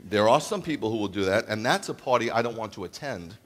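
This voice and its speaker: A man preaching a sermon as a rabbi, animated, acting out loud calls and then dropping to a hushed voice. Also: on the low side, fast talker. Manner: animated, acts out calls and shouts, then drops to near-whisper. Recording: long hall reverb.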